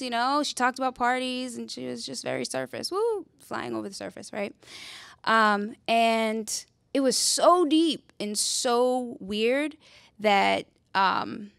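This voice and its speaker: A young woman telling a personal story in an earnest, conversational way, dropping quiet on painful memories and lifting when she acts out scenes. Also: gravelly, no echo, clean studio sound. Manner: earnest, conversational, with fillers and rhetorical "right?"; drops quiet and low on painful memories, lifts for animated retelling. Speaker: speaker sharing her story.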